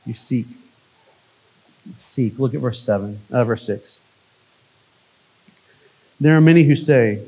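A male pastor gives a conversational sermon, frequently checking in with "right?" and shifting between emphatic lines and hushed ones. His voice is mid-range, and the audio quality is poor.

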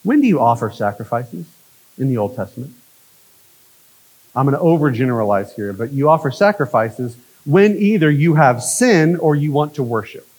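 A male pastor delivering a conversational sermon, often checking in with "right?" and swinging from emphatic lines to hushed ones. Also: medium pitch, very animated, moderate pace, slightly rough, rough recording.

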